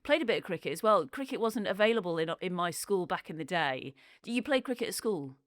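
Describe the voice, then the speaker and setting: A woman hosts an interview podcast. Her voice sits a little low, and she talks in a friendly, chatty way. The sound is close and dry, with no room around it. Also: expressive, fast, dry recording. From Cheshire, England. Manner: friendly, chatty, asks follow-up questions. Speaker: podcast host. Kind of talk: casual interview chat.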